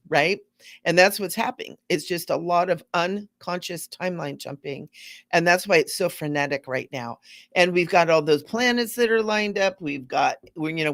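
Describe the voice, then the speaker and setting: A woman giving a casual, rambling spiritual talk to viewers, gently repeating words for emphasis. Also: fairly low pitch, dry recording, studio quality. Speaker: spiritual teacher hosting a live stream.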